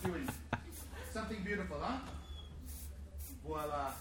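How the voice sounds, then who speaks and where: A man's voice: fairly high pitch, animated, a little slow. A man on stage ordering and teasing his audience with bossy, laughing commands. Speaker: stage comedian doing crowd work. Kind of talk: live audience interaction. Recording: echoey hall from far off, loud crowd.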